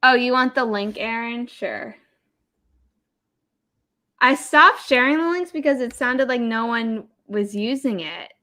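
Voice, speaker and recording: Bright-voiced young woman hosting a livestream. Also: on the high side, unhurried, pauses often. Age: young adult. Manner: chatty, reads out viewer comments. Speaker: livestream host, author. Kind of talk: casual livestream chat.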